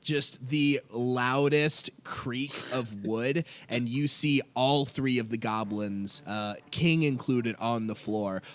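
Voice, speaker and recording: A man working as game master, narrating the scene and reading out rules in a quick, matter-of-fact way. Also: medium pitch.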